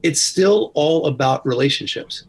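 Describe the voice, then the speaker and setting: Brief: man, author and podcast guest, husky tone, earnest and anecdotal, often restarting his sentences. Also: fairly high pitch, lively intonation, a little slow. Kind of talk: casual storytelling interview.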